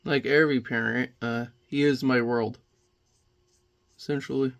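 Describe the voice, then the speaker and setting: A man chatting casually while he paints, rambling between jokes and quiet reflection. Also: mid-range voice, fairly even intonation, a little slow, vocal fry. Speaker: painting vlogger.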